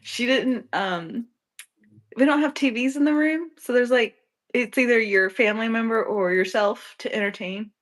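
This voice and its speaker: A young adult woman, a nurse, chatting casually and telling animated stories with frequent laughter. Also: fairly high pitch, moderate pace. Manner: animated storyteller who laughs often. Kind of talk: casual chat.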